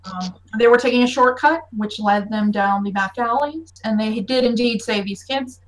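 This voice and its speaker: A woman's voice: fairly high pitch, moderate pace, distant mic, voice pushed down, natural voice, poor audio. A woman voicing a formal, stern male fairy messenger in a tabletop game.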